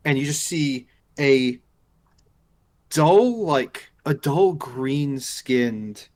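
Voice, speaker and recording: A man's voice: medium pitch, expressive, drawn-out words, darkish tone. Rambling male game master. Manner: loose, filler-heavy narration. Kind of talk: narrating a tabletop game live.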